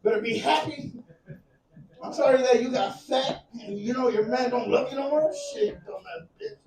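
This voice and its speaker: A man in his thirties with a very high voice does a crude, rambling stand-up set. He is out of breath and laughs at his own jokes. He sounds roomy and distant in a club, with a faint hum of ambience behind him. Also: lively intonation, moderate pace, darkish tone. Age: 30s. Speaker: stand-up comic. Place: comedy club stage.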